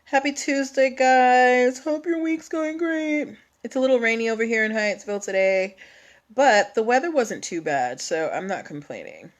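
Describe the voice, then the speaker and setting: A woman hosting a casual livestream, chatting with viewers, greeting them by name and filling pauses with ums. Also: on the high side, animated. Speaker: livestream host.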